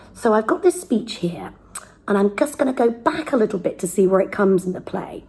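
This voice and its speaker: A woman teaching children how to speak verse, with a mellow, slightly breathy voice. She talks in a lively, emphatic way, leaning on key words and now and then dropping to a near whisper. It has the feel of a friendly at-home lesson. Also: mid-range voice, poor audio. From United Kingdom. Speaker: drama teacher.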